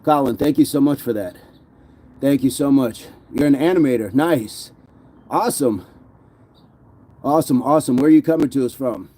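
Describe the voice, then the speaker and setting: A man's voice: medium pitch, normal speed, long pauses, mellow. A man hosting a fitness livestream, chatting casually and reading out viewer comments in an easygoing, rambling way. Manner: easygoing, rambling with many fillers. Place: home gym.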